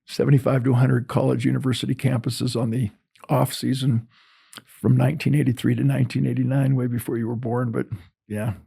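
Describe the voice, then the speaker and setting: Gravelly, mellow, older man, interview guest, animated storytelling. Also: medium pitch, a little fast. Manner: animated storyteller, acts out dialogue. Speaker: guest motivational speaker.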